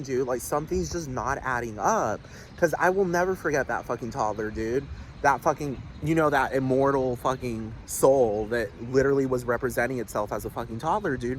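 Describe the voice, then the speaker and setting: A man's voice: medium pitch, slight background noise. A young man rambling in a casual monologue, swearing constantly and filling his talk with "like" and "dude".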